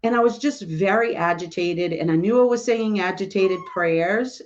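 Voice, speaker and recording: A woman's voice: mid-range voice, normal speed, few pauses, lo-fi sound. A woman, a spiritual medium, telling a personal story in a casual, rambling way, full of "you know" and "like".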